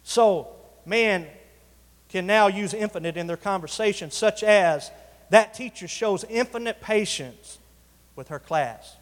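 Guy preaching to the congregation, high voice, drawn-out emphasis, church reverb. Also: a bit bright. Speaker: pastor. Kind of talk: sermon. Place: church sanctuary.

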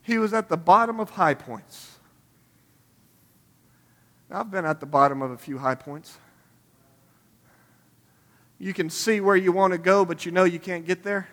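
A man preaching a sermon in a church, building from quiet reflection to shouted, pleading prayer. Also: high voice, unhurried, pauses often, long reverb tail. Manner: impassioned, rising to shouted pleading.

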